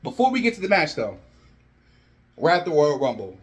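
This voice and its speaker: Young man telling a story, slightly high voice. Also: brisk. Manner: animated, acts out characters' lines in quotes. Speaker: wrestling fan video host. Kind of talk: casual fantasy-booking storytelling.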